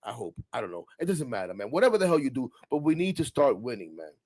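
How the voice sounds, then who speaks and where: A man's voice: mid-range voice, fast talker. Heated, rambling sports podcast host, man. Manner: animated, rambling, swears freely, gets heated. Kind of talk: casual sports talk podcast.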